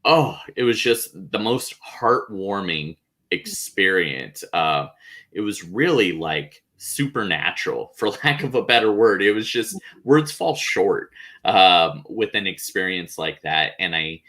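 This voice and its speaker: A man hosting a podcast in a relaxed, casual chat, laughing often and using many fillers. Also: low voice, a little slow. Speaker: podcast host.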